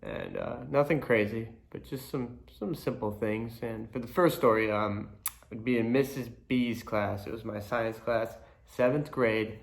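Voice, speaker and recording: A man's voice: mid-range voice, a little slow, vocal fry. A young man casually telling stories from his school days, rambling with lots of fillers. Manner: laid-back, rambling, many fillers. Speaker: storyteller. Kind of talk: casual storytelling to camera.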